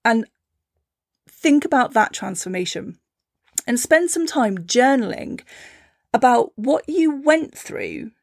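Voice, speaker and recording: A woman hosting a reflective teaching talk, gentle and encouraging, with a playful storytelling manner. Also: a little high, sing-song, slow pace, creaky, pauses often, dry recording, clean studio sound. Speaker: podcast host and spiritual teacher.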